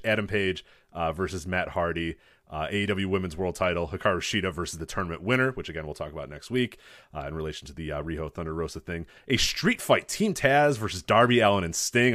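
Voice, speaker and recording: A man hosting a wrestling podcast in casual chat, laughing often and breaking into high-pitched impressions. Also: fairly bright tone, no echo, studio quality. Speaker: podcast host.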